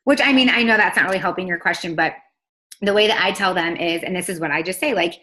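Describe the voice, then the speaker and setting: A young woman coaching a teammate over a call, talking fast and emphatically, full of "like" and acted-out quotes. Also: on the low side, bright, forceful tone.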